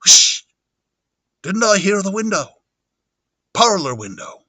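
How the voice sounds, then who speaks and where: A man's voice: high-pitched, big pitch swings, slow pace, sharp tone, dry recording, voice pushed up, full character voice. A man voicing a nasal, stuffy village man who is easily startled, sounding as if he has a cold, for an audiobook.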